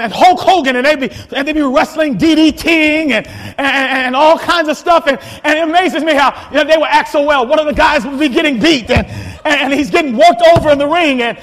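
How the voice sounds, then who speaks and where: A man preaching a sermon, energetic and often shouting, with frequent repeats and restarts. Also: very high-pitched. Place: church sanctuary. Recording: long hall reverb, faint congregation.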